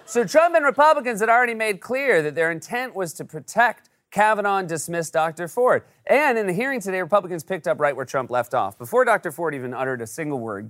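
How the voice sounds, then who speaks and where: A man's voice: on the high side, a bit bright. A man hosting a late-night comedy show, delivering a sarcastic, jokey monologue.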